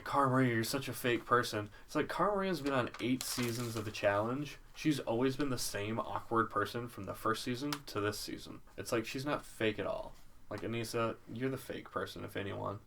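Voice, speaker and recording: A man's voice: mid-range voice, a little fast, vocal fry, a bit bright, a little hiss or hum. A man co-hosting a podcast, talking casually and bluntly, with sarcasm and plenty of swearing. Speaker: podcast co-host. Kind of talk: casual recap chat.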